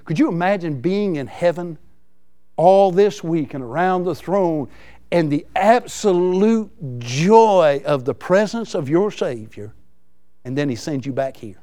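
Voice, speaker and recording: A man preaching a folksy, excitable sermon. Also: on the high side, measured pace. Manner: excitable, folksy, laughs between lines.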